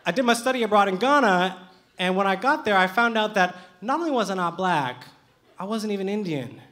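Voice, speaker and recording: Young man, high voice, live stage storytelling, animated, comic timing. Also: brisk. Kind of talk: live personal storytelling onstage. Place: theater stage with audience.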